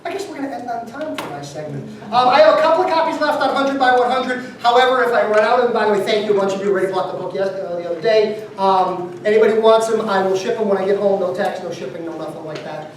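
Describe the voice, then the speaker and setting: A man's voice: high-pitched, fast, few pauses. Man lecturing in a very echoey hall. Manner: emphatic, repeats key numbers, quizzes the audience. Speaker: business seminar speaker. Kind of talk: motivational seminar talk. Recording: very echoey room, mic far off, faint noise.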